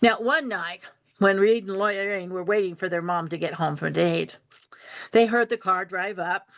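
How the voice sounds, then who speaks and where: An older woman telling a personal family story aloud, unhurried, repeating phrases for rhythm. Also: medium pitch, a bit bright.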